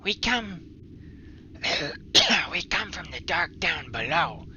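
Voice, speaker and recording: A man's voice: very animated, slow, bright, forceful tone, lo-fi sound, a little hiss or hum, exaggerated voice. A man voicing a timid male goblin who speaks in broken, whispery sentences. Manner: broken grammar, high and whispery.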